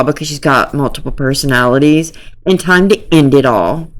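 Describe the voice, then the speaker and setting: A woman's voice: low-pitched, moderate pace. A woman giving casual true-crime commentary, reading out messages with dry, amused asides and laughter.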